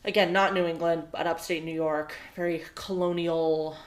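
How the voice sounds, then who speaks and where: Soft-spoken musing woman co-host. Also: lowish voice, fairly even intonation, normal speed. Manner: agreeable, musing, leans on "you know" and "like". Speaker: podcast co-host. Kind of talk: casual movie discussion.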